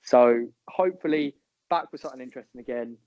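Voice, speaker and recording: A young man, co-hosting a casual podcast chat with loud, slangy, swearing banter. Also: medium pitch, quick pace, no room sound. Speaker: podcast co-host. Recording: dull lo-fi sound.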